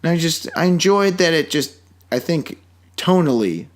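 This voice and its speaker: A man's voice: a little high, lively intonation, moderate pace. A man co-hosting a podcast in casual chat, rambling through his points and joking with mock outrage. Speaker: podcast co-host.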